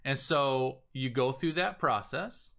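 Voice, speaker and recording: A man coaching on selling, talking casually and with energy, often acting out sample messages in a lively voice. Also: medium pitch, takes it slowly, creaky. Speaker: business coach. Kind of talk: casual teaching talk.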